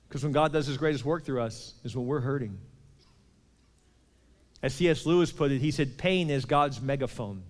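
A man pastor preaching a sermon, emphatic, swinging between loud and hushed passages. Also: a little high, long reverb tail.

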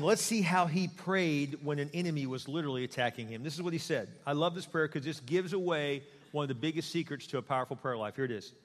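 A middle-aged man preaches a sermon in a conversational, animated way, slipping into acted quotes. His voice sits a little high, and the sound carries a long reverb from a large church hall. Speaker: pastor.

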